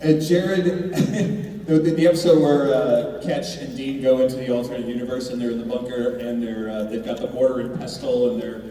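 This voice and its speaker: A man's voice: mid-range voice, fairly even intonation, moderate pace, warm tone. Rambling man in an echoey hall. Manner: rambling, many restarts and fillers. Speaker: actor on a fan convention panel. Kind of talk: casual anecdote on stage. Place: large convention hall. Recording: echoey hall, heard from far off.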